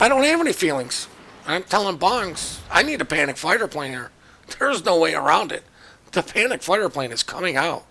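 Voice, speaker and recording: A man's voice: a little high, very animated, normal speed, vocal fry, sharp tone. A man giving casual, joking commentary over his own naval battle game footage, chatty and self-mocking. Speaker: gameplay commentator.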